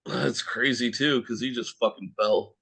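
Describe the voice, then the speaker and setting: A man's voice: mid-range voice, fairly even intonation, measured pace, gravelly, a bit bright, breathy edge. A young man with a mid-range voice co-hosts a podcast. He talks in casual banter, laughs easily and swears freely while teasing his co-host. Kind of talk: casual chat.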